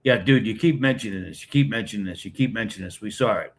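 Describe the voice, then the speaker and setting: Blunt wisecracking middle-aged guy from boston, low voice, chatting with his live stream viewers. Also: quick pace, slight background noise. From Boston area, New England. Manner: blunt, wisecracking, talks straight to chat. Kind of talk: casual live-stream chat, greeting commenters.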